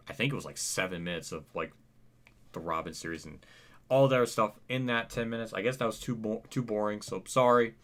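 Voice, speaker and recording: A young man talks through a casual channel update late at night, tired and yawning. His voice sits a little low, and he rambles and hesitates with plenty of fillers, sounding worn out and apathetic. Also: a bit bright. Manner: weary and apathetic. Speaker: channel host.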